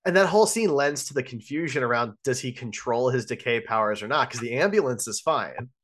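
A man's voice: mid-range voice, expressive, fairly quick, fairly bright tone. A man co-hosting a podcast, chiming in with dry comments about a film and laughing often. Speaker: podcast co-host. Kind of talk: casual movie review chat.

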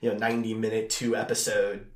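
A quick-talking man trades jokes in casual podcast chat. The room around him rings with a noticeable echo. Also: lowish voice, completely flat delivery. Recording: roomy echo.

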